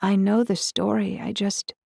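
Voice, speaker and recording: A woman's voice: mid-range voice, level tone, unhurried, vocal fry, a little mellow, dry recording, clean studio sound, pitched above the performer's own voice. A woman voicing an earnest, determined teenage girl who pleads urgently, in an audiobook. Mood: uneasy.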